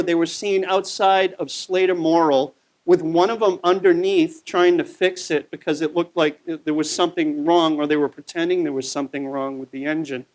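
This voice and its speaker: A man giving a conversational local history talk over a slide show, telling the story with plenty of fillers. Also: sits high.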